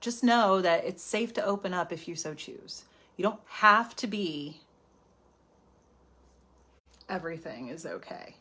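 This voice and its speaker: Animated woman giving a self-help talk. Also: fairly low pitch, unhurried, long pauses, breathy edge. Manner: animated, chatty, often drops to a whisper for asides. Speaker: healing coach hosting a live stream. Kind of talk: casual self-help talk on a live stream.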